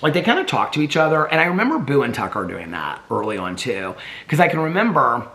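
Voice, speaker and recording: A man chats casually at home in a daily vlog, rambling from one thought to the next. His voice is bright and forward, and his pitch swings a lot. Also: very animated, fast talker. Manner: chatty, rambling, baby-talks to his dogs. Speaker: vlogger. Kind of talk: casual chat.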